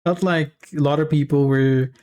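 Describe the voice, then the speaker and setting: This streamer, a native Afrikaans speaker with a South African accent, sounds worn out after hours online as he reads out chat messages and chats loosely. His warm, slightly high voice keeps a fairly even intonation, broken by stop-start restarts and plenty of chuckling.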